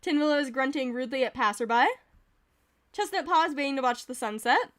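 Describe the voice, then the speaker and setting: A woman's voice: sits high, a little fast, fairly bright tone. A woman streamer giving casual, giggly commentary as she reads game events aloud.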